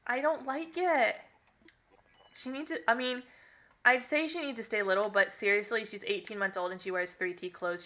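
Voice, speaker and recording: A woman's voice: medium pitch, bright, forceful tone. A young woman streaming a game, chatting casually with viewers and reading their comments, rambling and laughing often. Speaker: gaming live-streamer.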